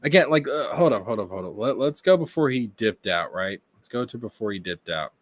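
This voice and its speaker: A man giving reaction commentary on a stream, excitable, profane and mocking. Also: lowish voice, brisk, dry recording.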